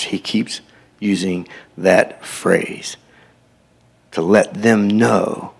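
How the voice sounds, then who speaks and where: Gravelly low-voiced preacher. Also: male voice, fairly even intonation, extremely slow, long pauses. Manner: reads scripture aloud, breaking in with short asides. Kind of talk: sermon scripture reading with commentary.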